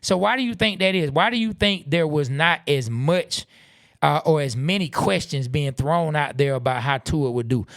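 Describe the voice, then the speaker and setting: A man's voice: a little high, moderate pace, gravelly, no echo, clean studio sound. Laid-back man reading viewer comments. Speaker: podcast co-host. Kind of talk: casual live-stream chat reading comments.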